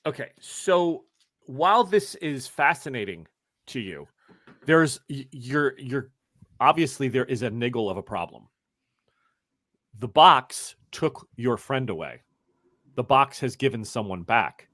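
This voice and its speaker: A man acting as game master of a tabletop game, speaking relaxed and hesitant with many fillers. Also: mid-range voice, measured pace, long pauses, dry recording, studio quality.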